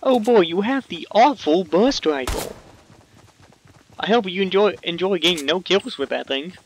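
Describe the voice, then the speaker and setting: A man's voice: high-pitched, animated, normal speed, a little hiss or hum. A man casually commentating a video game, playful and teasing, laughing often. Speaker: gameplay commentator.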